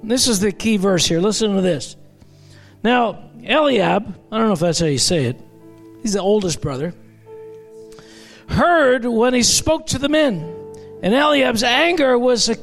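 A man's voice: extremely high pitch, animated, a little slow, vocal fry, fairly bright tone, soft background music. A man preaching a sermon in a conversational way, with joking asides to the congregation. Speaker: pastor.

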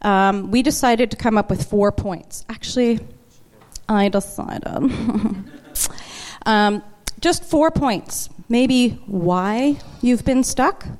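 A woman preaching a sermon to her congregation, chatty and emotional, slowing down to lean on key words. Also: fairly high pitch, a little mellow. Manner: conversational and emotional, slows for emphasis. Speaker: worship leader preaching. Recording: long church hall reverb.

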